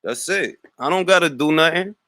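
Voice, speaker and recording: A man's voice: on the high side, normal speed, sharp tone, no echo, studio quality. A man from Harlem with a New York accent, hosting a livestream and mocking a chat commenter with brash street-slang trash talk. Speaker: livestream host. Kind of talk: taunting livestream rant.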